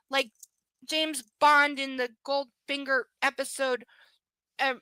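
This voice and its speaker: A woman's voice: high voice, sharp tone, no echo. A woman streaming a live book reading, breaking off into sarcastic, profane commentary. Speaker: livestream reader.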